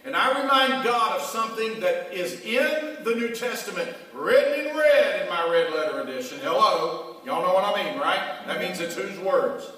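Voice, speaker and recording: A man's voice: high-pitched, animated, normal speed, hardly any pauses, pushed and bright. Man preaching in a ringing church hall. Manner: conversational, calls out to the congregation. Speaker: pastor. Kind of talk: sermon. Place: church sanctuary. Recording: echoey church hall from far off.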